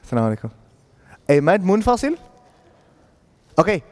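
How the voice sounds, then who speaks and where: A man teaching Quran recitation in a relaxed classroom manner, often pausing to ask "right?" to check that his students follow. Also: high voice. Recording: echoey classroom audio.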